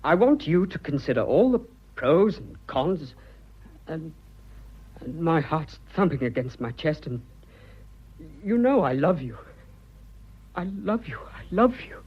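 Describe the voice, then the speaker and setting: Playing a suitor in 1940s radio drama, an English actor uses a fairly high, sing-song, husky and exaggerated voice, speaking a little slowly with long pauses. The earnest young businessman he portrays confesses his love, flustered, ardent, bashful and blustering, on a dull old broadcast.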